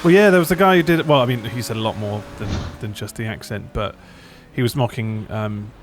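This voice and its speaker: A man's voice: on the low side, brisk. A man hosting a gaming video, chatting casually in laid-back, rambling banter. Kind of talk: casual chat during gameplay.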